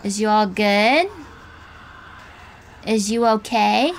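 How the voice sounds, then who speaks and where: A woman with a medium-pitched voice and measured pace streams herself playing a game, chatting casually in let's-play style. When something startles her, she swears and squeals.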